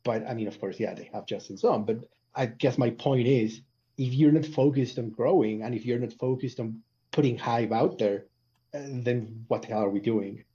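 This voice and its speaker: A man's voice: mid-range voice, moderate pace, dull audio. A man arguing his point with energy in a casual online group discussion. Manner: animated, emphatic, arguing a point. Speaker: community panelist.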